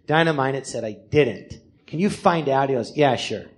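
A man's voice: medium pitch, normal speed. A man, a comedian, telling his life story on a live podcast, acting out the voices of the people in it and swearing freely. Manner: animated, acts out other people's voices in quotes; swears freely, self-deprecating. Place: theater stage before a live audience.

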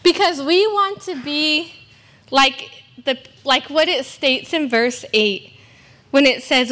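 Speaking slowly in a high-pitched, sharp voice, a young Californian woman preaches a sermon as a guest at a church service. She's earnest and emphatic and throws in self-deprecating remarks.

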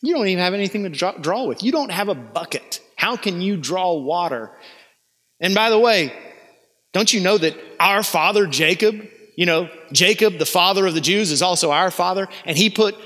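A woman's voice: on the low side, expressive, moderate pace, fairly bright tone. A man preaching who voices a defensive, sarcastic woman at a well, with mocking retorts. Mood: defiant. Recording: long hall reverb.

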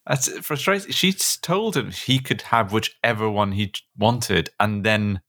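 Low-voiced man with bright, lively delivery. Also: measured pace, no room sound, clean studio sound. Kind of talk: comedic podcast chat.

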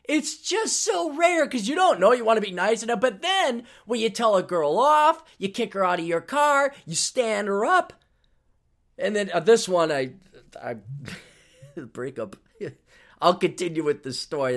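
A man's voice: high voice, big pitch swings, normal speed, fairly bright tone. Podcast guy ranting a dating story, swears a lot, goes off on tangents, voice jumps all over. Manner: profane, rambling, drifting into tangents. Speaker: podcast host. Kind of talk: casual storytelling monologue.

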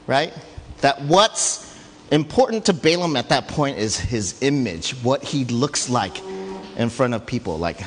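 Brief: man preaching, animated storyteller, mid-pitched, roomy reverberant sound. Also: a little slow, a little hiss or hum. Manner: animated storytelling with frequent asides and laughter. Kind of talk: sermon. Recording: long hall reverb.

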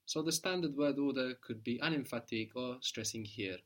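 A man's voice: medium pitch, normal speed. A man teaching a language lesson, explaining step by step and prompting his student to answer.

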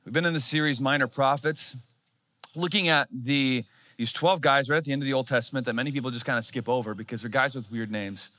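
A man's voice: medium pitch, quick pace, sharp tone. A man in his thirties, a pastor, preaching a sermon in a church and telling a self-mocking story.

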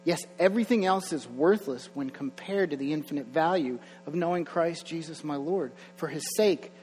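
A young pastor preaches a sermon in a church sanctuary, his voice on the high side and a little mellow at a moderate pace. He's conversational, with chuckling asides and rising energy, over soft background music, long hall reverb, and a faint mains hum.

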